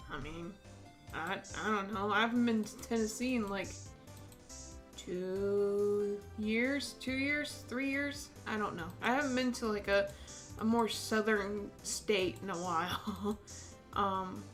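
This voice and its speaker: A woman's voice: mid-range voice, slow pace, a bit bright, faint music behind. A young woman streamer casually commenting while playing a game, chatty and giggly, with lots of fillers and restarts. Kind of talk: casual let's-play commentary.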